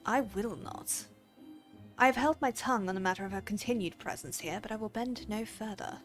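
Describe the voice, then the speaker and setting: A woman voicing a cold, proud archer from a game who refuses company, read low and quiet. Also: a little fast, soft background music, close to an everyday voice.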